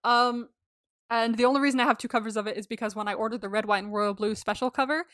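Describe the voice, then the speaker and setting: Woman podcast co-host, chatty and giggly, slightly high voice, dry booth sound. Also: steady tone, fast, a bit bright, no room sound. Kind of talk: casual chat recapping a film.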